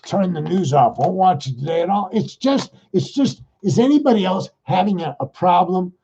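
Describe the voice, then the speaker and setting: A man's voice: sits high, lively intonation, mellow, breathy edge, dull audio. Rambling exasperated podcast host man. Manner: rambling, exasperated, talks fast. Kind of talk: casual political monologue.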